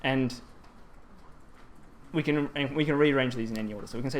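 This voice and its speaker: A man's voice: mid-range voice, fairly quick, slight background noise. Man giving a hesitant grammar talk. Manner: explanatory, frequent ums and self-corrections. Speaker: presenter at a language teaching symposium. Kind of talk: conference talk explaining grammar.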